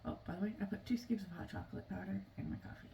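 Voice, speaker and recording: A young adult woman telling a family story in a casual, halting way, with many fillers and restarts. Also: mid-range voice, fairly even intonation, vocal fry, mellow. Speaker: family vlogger. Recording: noisy room, mic at a distance.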